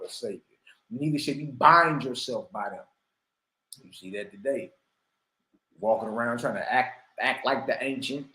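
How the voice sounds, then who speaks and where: A man's voice: medium pitch, a bit bright. Fiery preaching man in an echoey room. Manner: fiery, rhetorical, keeps asking the listeners questions. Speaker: teacher. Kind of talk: preaching lesson reading from a text.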